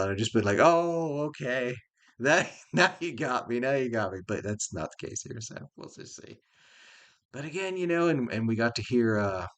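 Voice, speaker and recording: A man's voice: on the low side, fairly bright tone. A middle-aged man, talking casually and rambling through a vlog, full of "you know" fillers and self-restarts. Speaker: YouTube host.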